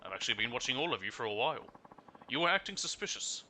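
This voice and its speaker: A man voicing a calm, firm older male witness in a crime game, speaking in a matter-of-fact way. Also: mid-range voice, quick pace, a little hiss or hum, voice pushed up, low-quality recording.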